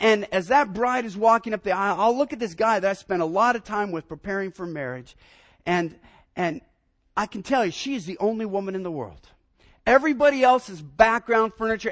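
A man in his fifties, a pastor preaching a sermon, telling personal stories in an animated way and often repeating his first words. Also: high voice. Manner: animated storyteller, repeats words when starting sentences.

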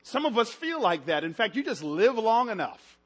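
A man preaching a sermon, telling stories and swinging between loud, lively stretches and hushed, low passages. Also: moderate pace.

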